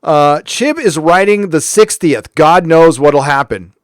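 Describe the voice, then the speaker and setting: A man's voice: fairly high pitch, expressive, a little slow, no room sound, studio quality. Sarcastic, heated man from California. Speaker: host. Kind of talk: casual commentary rant.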